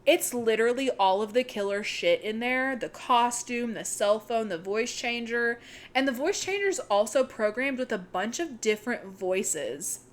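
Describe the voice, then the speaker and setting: Excited young woman recapping a movie. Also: on the high side, measured pace. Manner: excited, swears freely, retells scenes. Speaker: podcast co-host. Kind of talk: casual movie recap chat.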